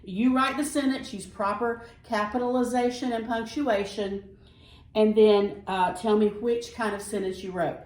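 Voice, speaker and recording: A woman teacher reading example sentences slowly and explaining grammar step by step in a patient, careful way. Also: on the high side, fairly even intonation, darkish tone. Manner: slow, patient, reads sentences aloud carefully. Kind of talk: recorded classroom lesson. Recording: echoey room, far from mic.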